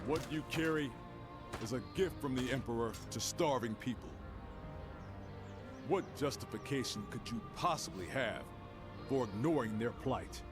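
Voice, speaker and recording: A man's voice: mid-range voice, moderate pace, long pauses, close to an everyday voice. An actor playing an earnest young man who stands up for starving villagers, in an indignant, commanding manner. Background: game music.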